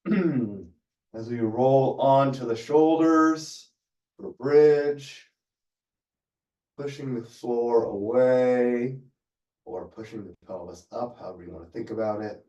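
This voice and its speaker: Calm man guiding yoga, distant roomy sound. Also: mid-range voice, dull audio. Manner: calm, unhurried cues with breathing prompts. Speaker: yoga instructor. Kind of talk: guided yoga class instruction.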